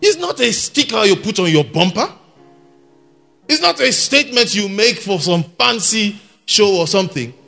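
A man, preaching a sermon in an animated way, shouting his key points and laughing along with the congregation. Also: high-pitched, moderate pace, creaky, soft background music. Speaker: guest preacher. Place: church hall with an audience.

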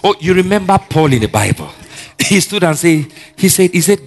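A male pastor delivers a lively sermon, his voice sitting a touch high and swinging widely in pitch. He keeps asking the congregation questions as he preaches, with soft music faintly underneath. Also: normal speed.

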